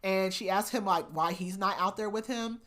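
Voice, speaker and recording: A woman hosting a book podcast, casually recapping chapters in a chatty way with lots of "like" and animated retellings. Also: mid-range voice, normal speed. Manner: chatty, heavy use of "like", animated retelling of scenes.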